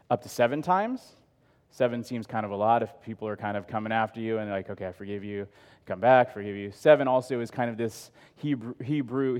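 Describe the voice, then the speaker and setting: A man's voice: mid-range voice, darkish tone. A man preaching a sermon, reading scripture and adding casual, conversational asides. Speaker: pastor. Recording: long hall reverb.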